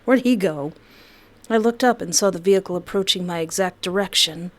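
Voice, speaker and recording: A woman game streamer reading a visual novel aloud, breaking into excitable, yelling reactions. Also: lowish voice, fairly quick.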